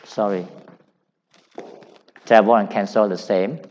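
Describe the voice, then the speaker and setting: A man with a Cambodian accent teaching English grammar, explaining slowly and repeating each point. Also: fairly low pitch, steady tone, a little mellow. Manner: slow, repetitive, deliberate explaining. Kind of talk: grammar lecture. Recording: dull sound in a long-reverb hall.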